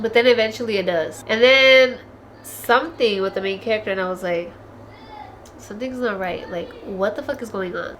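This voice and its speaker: A woman's voice: fairly high pitch, a bit bright, a little hiss or hum. A woman talking to her viewers in a casual book review, candid and emotional, swearing freely, repeating words for emphasis and close to tears. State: tearful, close to crying. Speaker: book vlogger.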